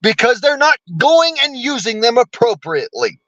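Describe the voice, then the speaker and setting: A man's voice: very high voice, sing-song, normal speed, fairly bright tone, no echo, muffled recording. An American man delivering a profane, blunt political rant as a vlogger, cursing constantly and talking combatively.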